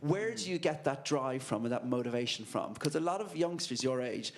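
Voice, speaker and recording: A man's voice: mid-range voice, expressive, brisk. A man with a British accent interviewing, asking chatty questions full of fillers. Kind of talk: casual interview.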